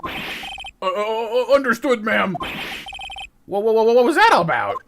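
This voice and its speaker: A man's voice: very high-pitched, a little fast, noisy background, voice pushed up. A man voicing a young male defense attorney in a game, reading his lines in a raised, stammering, startled voice. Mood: flustered.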